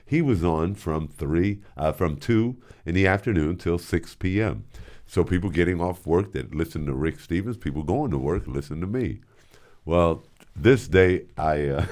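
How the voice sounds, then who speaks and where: An older man spins long anecdotes from his radio days, his voice a little low but swinging widely in pitch. He breaks into mimicry and sound effects as he goes, casual and unscripted. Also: normal speed. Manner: animated storyteller doing voices and sound effects. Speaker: host, former radio DJ. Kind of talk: casual storytelling.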